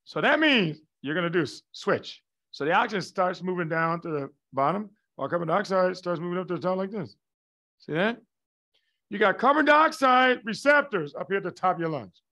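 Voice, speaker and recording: A man with a somewhat high voice, lecturing a class in a lively, emphatic way. He often stops to check that everyone follows, calling on the students by name. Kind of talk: live online lecture.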